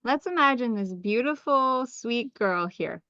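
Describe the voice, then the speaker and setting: An enthusiastic woman leads a live group call, teaching with a lively, questioning manner. Her voice comes through a computer mic, a little dull and lo-fi, with a dry, close sound. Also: a little high, unhurried, no room sound. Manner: enthusiastic, animated, asks many questions. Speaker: astrology teacher.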